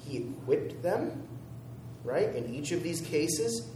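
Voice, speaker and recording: A man's voice: on the high side, big pitch swings, takes it slowly, mellow, roomy sound, recorded from a distance, a little hiss or hum, rough recording. A man preaching a sermon as a pastor, conversational, chuckling at his own jokes.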